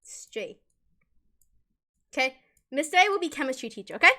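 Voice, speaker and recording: A young woman streamer telling a rambling, animated story in casual chat, full of restarts and giggles. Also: high voice, normal speed.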